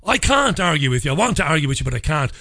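A male podcast host speaks earnestly, rambling as he works through speculative theories. His voice is pitched fairly high. He talks in a loose, conversational way. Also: very animated, rapid-fire, bright, forceful tone.

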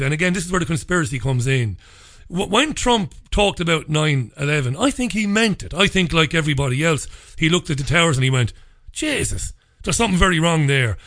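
A man's voice: on the high side, fairly bright tone. A man hosting a podcast, talking earnestly and at length as he lays out his theories. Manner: earnest, rambling, speculative. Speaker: podcast host. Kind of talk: podcast conversation.

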